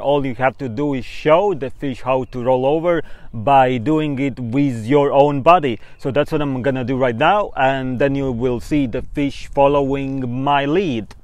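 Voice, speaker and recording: A man hosting a mock tutorial comedy vlog outdoors in a park, with an earnest, deadpan delivery and stammered restarts. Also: medium pitch, no echo. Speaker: comedy vlogger.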